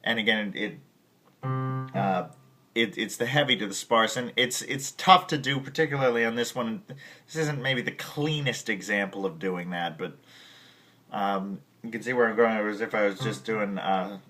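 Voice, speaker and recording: A piano teacher with a lowish male voice runs a casual music tutorial at normal speed, his tone pushed and bright. He rambles through the lesson, restarting often and pausing to sing and scat rhythms as examples.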